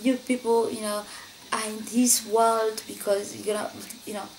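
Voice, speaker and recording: A woman from Africa telling a personal story in a vlog, saying "you know" constantly and jumping high in pitch when she quotes others. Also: level tone, a little slow, a little mellow, a little hiss or hum. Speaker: vlogger.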